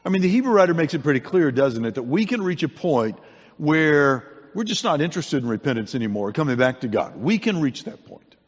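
A man's voice: a little high, sing-song, a little fast. Man, earnest conversational sermon, reverberant church hall, muffled lo-fi sound. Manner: earnest, conversational preaching with many restarts. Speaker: preacher. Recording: dull sound in a long-echo hall.

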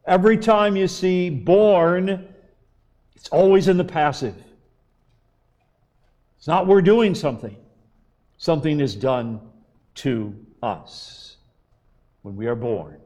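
A man preaching a sermon, slow and emphatic, with long pauses. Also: fairly high pitch, animated, darkish tone. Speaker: pastor.

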